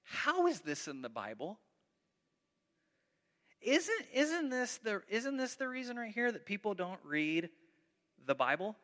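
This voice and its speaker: A man preaching a sermon, reading scripture aloud with dramatic, animated delivery and breaking off into conversational asides. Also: sits high, in a large hall. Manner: conversational, self-interrupting. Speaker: pastor.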